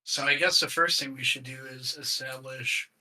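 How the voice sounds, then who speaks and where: A man's voice: mid-range voice, fairly even intonation, normal speed, sharp tone, rough recording. A man playing a tabletop game, asking questions and laughing. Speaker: player. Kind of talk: casual tabletop game play.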